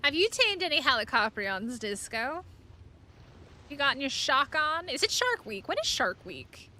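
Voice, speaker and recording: Playful woman streamer, bright lively voice. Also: sits high, measured pace. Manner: playful, chatting to a creature and to viewers. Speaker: streamer playing a survival game. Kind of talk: casual gameplay commentary.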